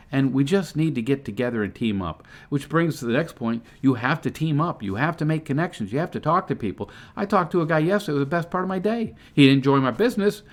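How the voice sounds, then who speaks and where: A middle-aged man giving an earnest, excitable motivational talk to camera about his online business, his voice jumping up when he gets fired up. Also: fairly high pitch.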